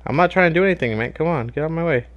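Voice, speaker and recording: A young man giving casual gameplay commentary as a YouTuber, excitable, swearing and yelling at the game. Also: a little high, rapid-fire, dull audio. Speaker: gaming YouTuber.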